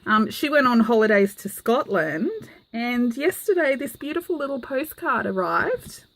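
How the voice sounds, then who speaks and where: A woman's voice: a little high, big pitch swings, normal speed, fairly bright tone. A woman with a gushing, enthusiastic manner, full of "um" fillers, showing off mail she received in a casual craft vlog. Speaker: craft vlogger. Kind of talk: casual show-and-tell vlog.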